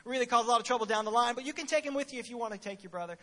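A preacher doing a blunt, no-nonsense God. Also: male voice, very high voice, rapid-fire, bright, forceful tone, in a large hall.

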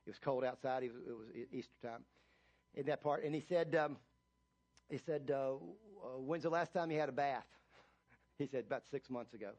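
A man, a pastor, preaching a sermon, retelling a story with many restarts and building to loud emphatic reading of scripture. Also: medium pitch, normal speed. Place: church.

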